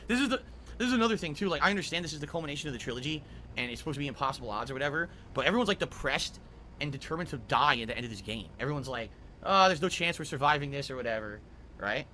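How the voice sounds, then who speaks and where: A man's voice: on the high side, rapid-fire, pushed and bright, a little hiss or hum. A man streaming a video game, making sarcastic, laughing remarks about the story. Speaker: gaming streamer. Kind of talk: live gameplay commentary.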